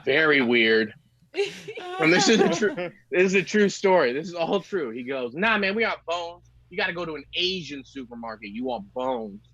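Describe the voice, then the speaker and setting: A man's voice: a little high, sing-song, moderate pace, pushed and bright, dull audio. A man in his thirties doing a rambling, self-mocking stand-up set over a video call, laughing at his own jokes. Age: 30s. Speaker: stand-up comic.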